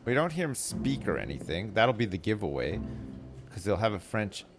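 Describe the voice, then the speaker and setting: A man's voice: lowish voice, sing-song, normal speed. A man streaming a game, thinking aloud as he works through its clues. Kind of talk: gameplay commentary. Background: game music.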